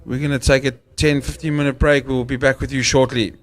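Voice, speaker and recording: A man giving live cricket commentary, summing up an innings in a measured, analytical way. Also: medium pitch, level tone.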